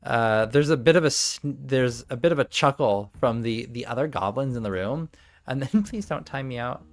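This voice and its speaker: A man's voice: mid-range voice, moderate pace, soft background music. A young man running a tabletop game on a live stream, talking in a put-on valley girl voice, joking, swearing and laughing often.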